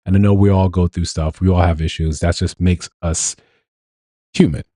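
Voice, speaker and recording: A man's voice: sits low, steady tone, normal speed, warm tone, no echo, clean studio sound. A man hosting a live show, talking casually and reacting to clips with laughs and rhetorical questions. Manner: laid-back, chuckling, rhetorical questions. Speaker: host. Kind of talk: live commentary on viral clips.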